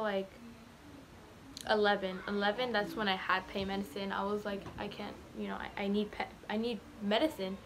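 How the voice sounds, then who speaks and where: A woman's voice: a little high, slight background noise. A young woman in her late teens casually telling a personal story, rambling and repeating herself with lots of fillers. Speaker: vlogger.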